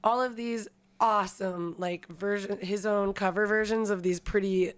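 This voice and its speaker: Animated woman telling stories. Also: mid-range voice, normal speed, smooth. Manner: animated storyteller, acts out quoted people in raised voices. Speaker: podcast co-host. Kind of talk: casual chat.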